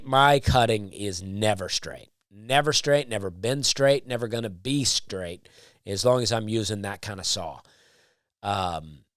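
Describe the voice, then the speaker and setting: A man hosting his own podcast, telling rambling stories in a laid-back, deadpan way with lots of repetition. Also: mid-range voice, no echo, studio quality. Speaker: comedian podcast host. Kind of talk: casual solo storytelling.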